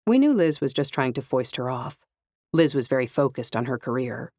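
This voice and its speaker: A woman narrating a first-person novel in an even, clear storytelling voice. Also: rumbling low, normal speed, no echo, clean studio sound. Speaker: audiobook narrator.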